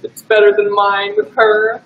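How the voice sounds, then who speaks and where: A man's voice: high-pitched, completely flat delivery, unhurried, roomy sound, dull audio, slight background noise. A young man hosting a casual livestream from home, joking and chatting with his dog. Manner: playful, talks to his dog in a teasing voice. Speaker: livestream host.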